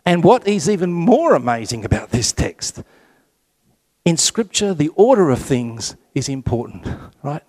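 Lively man teaching scripture. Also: on the high side. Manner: lively, joking asides, reads scripture slowly. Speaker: Catholic teacher leading a Bible study. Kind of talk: Bible study talk.

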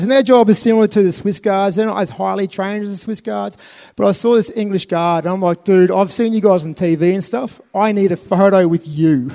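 An Australian man in his thirties giving a motivational talk to a live audience, telling animated stories with laughs and acted-out voices. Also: sits high. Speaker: speaker.

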